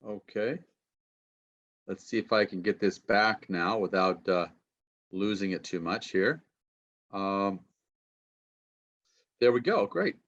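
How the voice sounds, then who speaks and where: Taking it slowly and pausing often, a university lecturer delivers an online pronunciation lecture in a fairly low, fairly bright voice. He's chatty, leans on "okay," and checks in with his listeners, and the recording from his computer mic on a video call sounds muffled.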